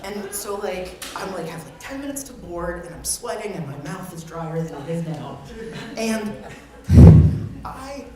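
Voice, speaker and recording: A man's voice: sits high, lively intonation, a little slow, a crowd in the background. A man giving a eulogy at a memorial, telling a funny story in a chatty way and laughing along. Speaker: eulogy speaker. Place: memorial gathering in a large room. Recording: very echoey room, far from the mic, heavy noise.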